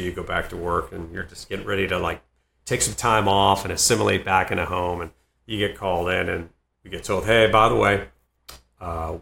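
A comedian and former Marine in his fifties, telling animated stories in an interview and laughing between lines. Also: deep voice, gravelly. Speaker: comedian and Marine veteran guest. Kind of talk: storytelling interview. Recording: roomy echo.

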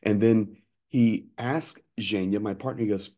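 A man in his fifties, an interview guest telling lively anecdotes with frequent restarts. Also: fairly low pitch, a little slow. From United States. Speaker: interview guest, aid worker. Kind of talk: conversational storytelling.

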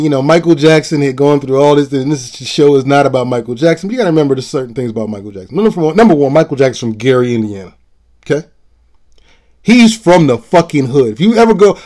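Male show host, slightly higher-pitched voice, blunt and profane, hammering his points in a solo commentary. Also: darkish tone. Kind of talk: political commentary monologue.

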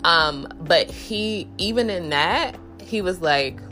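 Low-voiced woman podcaster, casual faith talk. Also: animated, slow, bright, forceful tone, faint music behind. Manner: candid and conversational, many fillers and restarts; acts out inner voices with raised pitch. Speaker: podcast host.

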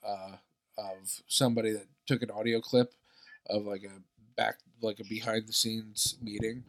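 Profane man telling an anecdote. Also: fairly low pitch. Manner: profane, animated anecdotes with quick asides. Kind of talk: casual chat, storytelling.

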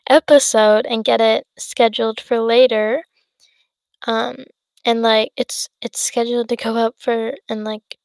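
Casual solo podcast chat from an eighteen-year-old woman whose voice is a little high, with no echo in the recording. She's tired, yawning, and rambles with plenty of fillers while interrupting herself.

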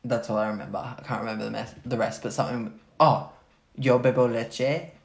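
Joking young man with a gravelly edge. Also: medium pitch, steady tone. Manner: joking, quick, swears freely. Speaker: podcast co-host. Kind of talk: casual chat. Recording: roomy echo.

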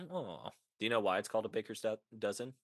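A man's voice: lowish voice, animated, fairly quick, dry recording. A man co-hosting a casual comedy podcast, easygoing and playing along with short, dry reactions. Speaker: podcast co-host.

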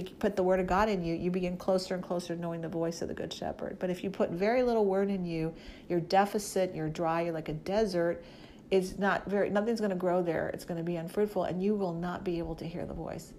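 A woman's voice: on the low side, darkish tone, slight background noise. A woman preacher giving a conversational Bible teaching, talking emphatically and directly to her listeners.

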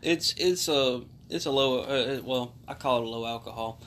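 A man with a bright, forceful voice explains things patiently in casual chat, stumbling through fillers and restarts. Faint noise sits behind him. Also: mid-range voice, normal speed.

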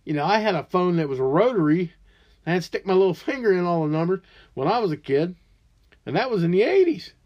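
A man in his forties hosting a podcast, ranting alone in an angry, profane way that swings between loud outbursts and low mutters. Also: sing-song, fast, dull audio. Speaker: podcast host. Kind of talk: ranting solo monologue.

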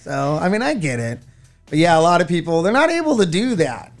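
A man's voice: a little high, fairly quick, faint music behind. A middle-aged man co-hosting a radio show, chatting casually and telling stories with lots of expression. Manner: animated storytelling, acts out voices. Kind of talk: casual chat.

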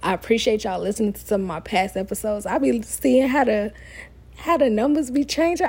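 A woman's voice: medium pitch, a little fast, breathy edge. A young woman hosting a casual solo advice podcast, sassy and conversational, tired late at night. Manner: sassy, conversational, animated asides. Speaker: podcast host.

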